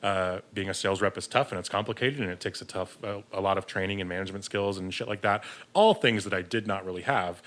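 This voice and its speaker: Low-voiced man swearing through a story. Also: fast talker, few pauses, fairly bright tone. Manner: rambling, swears freely, laughs at himself. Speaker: podcast guest, beer distributor sales rep. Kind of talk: casual storytelling.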